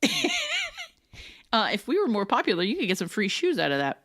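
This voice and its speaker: Woman podcast co-host. Chatty, wry, a little profane. Lively pitch. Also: brisk, a little hiss or hum. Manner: chatty, wry and profane, with frequent filler words. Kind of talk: casual chat.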